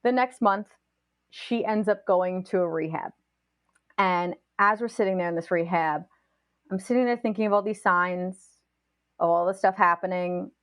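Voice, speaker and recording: A woman guest on a podcast, retelling a personal story in an animated, fast-flowing way full of "like" fillers. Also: on the low side, no room sound, studio quality.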